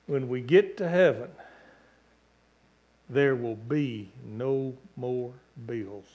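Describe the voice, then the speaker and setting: A man's voice: medium pitch, slow, dull audio. A man, a pastor preaching a sermon in church, building emphatic lists and calling for amens. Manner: emphatic preaching with long repeated lists and calls for amen. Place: church sanctuary.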